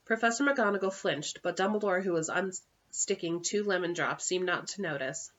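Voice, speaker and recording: Woman, amateur audiobook narrator, lower voice, dull lo-fi home recording. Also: moderate pace. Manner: steady reading with occasional slips and self-corrections. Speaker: audiobook reader.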